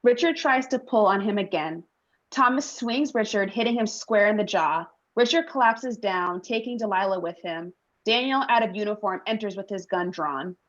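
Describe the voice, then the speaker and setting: A woman reading stage directions aloud in a play reading, tense and measured. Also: mid-range voice, highs cut off.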